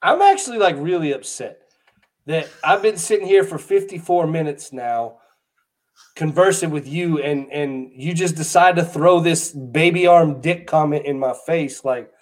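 A man's voice: fairly high pitch, normal speed. A man co-hosting a podcast, teasing his friend with playful mock outrage. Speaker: podcast co-host. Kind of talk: casual podcast banter.

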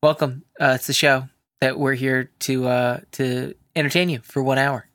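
A man's voice: mid-range voice, flat delivery, moderate pace, a bit bright, no echo, studio quality. A man co-hosting a podcast, chatting casually and joking around with his friend. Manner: joking, playful. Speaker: podcast co-host. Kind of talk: casual comedic chat.

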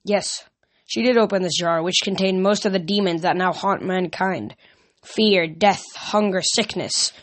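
A woman reader voicing an ancient male Titan who speaks in a smooth, coaxing, sympathetic way in a storybook. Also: fairly low pitch, a little slow, lightly acted. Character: sly, silken male Titan, persuasive and patient.

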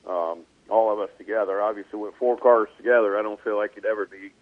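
The guest, a man who races cars and owns a team, stays relaxed and measured as he walks through his plans, filling gaps with many ums and uhs. His fairly low voice arrives over a dry, tinny phone line in this casual interview, with no room sound.

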